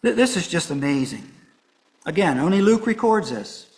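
A man preaching a sermon, walking through a scripture passage verse by verse, dropping to soft hushed lines and rising to emphatic ones. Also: high voice, sing-song, normal speed, poor audio.

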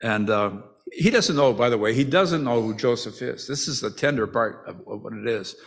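A man's voice: medium pitch, moderate pace, vocal fry. A man preaching a sermon in a conversational way, often restarting his sentences and adding asides. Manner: acts out the brothers' quoted lines with rising emotion.

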